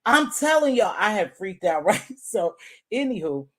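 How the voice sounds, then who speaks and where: A middle-aged woman hosting a live chat, telling a story in a casual, animated way, laughing and swinging from loud to soft. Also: medium pitch, unhurried. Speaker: livestream host.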